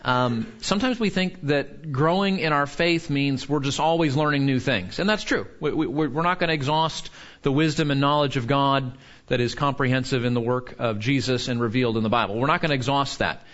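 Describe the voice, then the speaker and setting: A man teaches from the Bible in a conversational, earnest way, stumbling over his restarts as he goes. His voice sits at an ordinary middle pitch. The recording sounds slightly dull and lo-fi. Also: a little fast, fairly bright tone. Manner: earnest, frequent restarts and filler words. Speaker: pastor.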